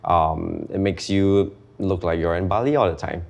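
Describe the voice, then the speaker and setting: Young man from Singapore, low voice, relaxed interview guest. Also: moderate pace, creaky. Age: young adult. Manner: relaxed, hesitant, with many fillers. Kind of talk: casual interview chat.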